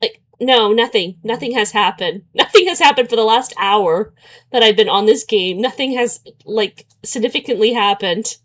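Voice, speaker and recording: A woman's voice: fairly high pitch, normal speed, a bit bright. A young woman streaming a story game, chatting casually and sarcastically, often breaking into laughter.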